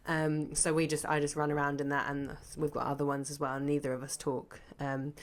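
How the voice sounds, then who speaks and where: A woman's voice: low-pitched, little pitch movement, a little fast. A woman co-hosting a podcast, chatting casually in a rambling way with many restarts. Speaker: podcast co-host. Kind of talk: casual chat.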